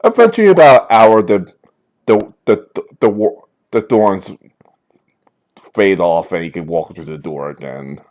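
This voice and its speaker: A man narrating as game master of a tabletop role-playing session, telling the story in an animated way with frequent stumbles and restarts. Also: lowish voice, measured pace.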